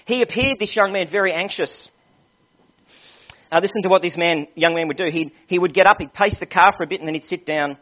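A man's voice: high voice, a little fast. A male pastor preaching a sermon, telling a story with earnest appeals to his listeners. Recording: dull lo-fi sermon recording.

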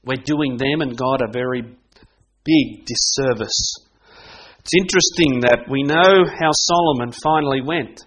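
A middle-aged man preaching a sermon, telling lively stories, acting out quotes and often laughing. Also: mid-range voice, unhurried. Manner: animated storyteller who acts out quotes and laughs often.

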